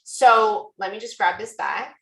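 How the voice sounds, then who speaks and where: A woman's voice: mid-range voice, a little slow, vocal fry, echoey room, poor audio. A woman presenting a tool demo over a video call, chatty and gushing, with many fillers. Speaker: guest presenter.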